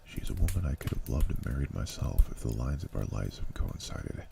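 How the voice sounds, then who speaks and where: A man reading a novel aloud in a low, unhurried ASMR audiobook style, sometimes dropping to a breathy near-whisper. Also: distant mic. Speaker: ASMR channel reader. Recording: steady keyboard clicks behind.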